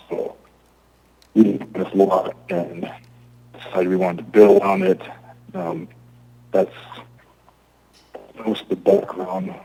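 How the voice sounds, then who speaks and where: A man from Alaska, an applicant giving halting testimony at a zoning hearing over remote audio. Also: fairly low pitch, creaky, warm tone, breathy edge, rough recording. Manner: halting, restarts often.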